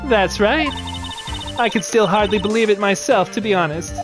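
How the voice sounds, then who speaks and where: A man's voice: high voice, moderate pace, voice pushed up, lightly acted. A man voicing a cheerful, chatty old nun in a video game dub, talking folksy and giggly. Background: game music.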